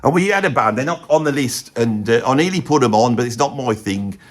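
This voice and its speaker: A man with a Birmingham accent, medium-pitched and brisk, plays a rambling, blokey older heavy metal fan in a lightly acted comedy monologue. This comic pundit character is animated, keeps losing his thread, and says "bloody" a lot.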